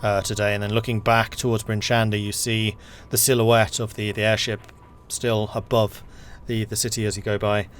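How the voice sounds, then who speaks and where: A man running a tabletop game as game master over an online voice call, narrating in an unhurried way with lots of fillers. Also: on the low side, level tone, a little hiss or hum.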